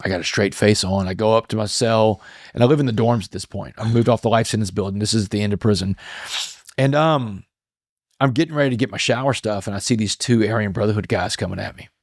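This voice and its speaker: A man's voice: lowish voice, quick pace, no room sound, clean studio sound. A middle-aged man telling a personal story as an interview guest, earnest and emotional, often repeating his words.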